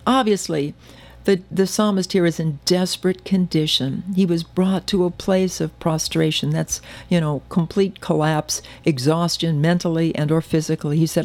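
A woman's voice: on the low side, normal speed, a little mellow. A woman giving a sermon-style Bible teaching, earnest and emphatic with wry asides.

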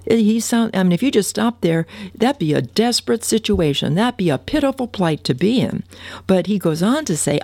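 A woman's voice: fairly low pitch, darkish tone, no room sound. A woman preaching a sermon, earnestly exhorting her listeners and quoting scripture.

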